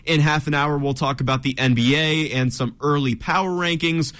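A man's voice: on the high side, fairly even intonation, normal speed, a bit bright. A young man hosting a college radio sports talk show, running segment rundowns and teasing his co-hosts.

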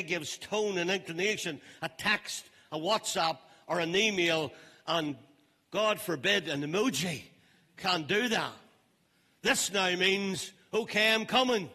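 An older man preaching a sermon as pastor, emphatic and stressing phrases slowly. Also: sits high, sharp tone. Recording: long reverb of a large hall.

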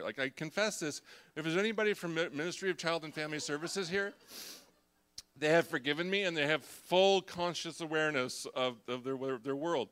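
A middle-aged pastor preaching with a bright, forward voice. He tells his confessions in a storytelling way, dropping to a hush and then climbing into loud, lively bursts. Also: high voice, moderate pace, pauses often. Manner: confessional storytelling, swings from hushed to loud and animated. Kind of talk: sermon.

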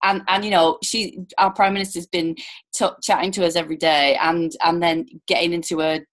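A woman hosting a relaxed podcast conversation. She talks in a chatty, rambling way, full of little fillers and false starts. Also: lowish voice, brisk. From United Kingdom. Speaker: podcast host. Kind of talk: casual interview chat.

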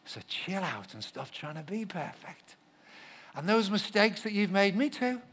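A middle-aged man preaching a sermon as a pastor, animated, swinging between loud acted-out shouts and soft asides. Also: sits high, unhurried, slightly rough. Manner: animated storyteller, shouts when acting out quotes, drops to soft asides. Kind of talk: sermon with personal story.

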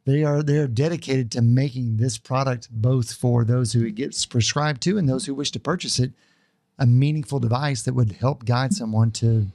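A man's voice: medium pitch, creaky, a little mellow, no echo. A man co-hosting a podcast, speaking earnestly in casual chat, often repeating words, in a studio. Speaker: podcast co-host.

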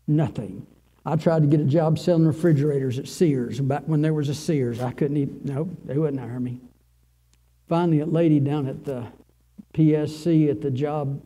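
A man in his sixties, a pastor giving an emotional sermon testimony, repeating phrases and swinging from loud cries to a hushed near-whisper. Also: a little high.

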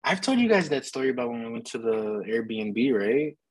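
A man hosts a loose chat, firing teasing questions at his friends and swearing casually. His voice is slightly husky. The sound is dry and close, with no room around it. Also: medium pitch, very animated, moderate pace, dry recording, poor audio. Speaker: podcast host.

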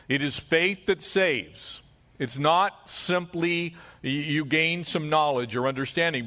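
A man pastor preaching a sermon, moving from emphatic rises to hushed, low drops.

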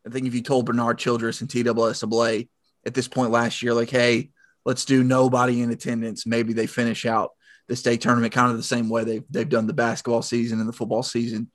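A man with a Southern accent, co-hosting a casual high school sports podcast and stumbling over words now and then. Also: completely flat delivery, fairly quick, dry recording, studio quality. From Tennessee. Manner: chatty, self-deprecating, stumbles over words. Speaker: podcast co-host.

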